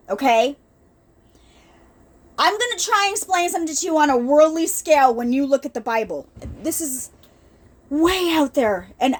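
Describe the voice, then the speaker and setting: A woman hosting an unscripted ministry video, giving an earnest, rambling spiritual testimony with many restarts and asides, emotional at times. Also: high-pitched.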